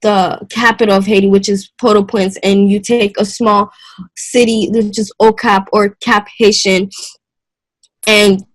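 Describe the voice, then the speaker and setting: A young woman giving a class presentation in a hesitant, halting way, often restarting and clearing her throat. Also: mid-range voice, little pitch movement, no room sound, poor audio. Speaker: student presenter.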